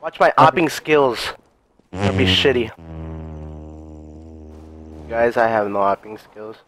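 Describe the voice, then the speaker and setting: A man's voice: mid-range voice, expressive, a little slow, a bit bright, a little hiss or hum. Crude young man mumbling while eating. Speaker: gaming co-host. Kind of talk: casual gameplay commentary.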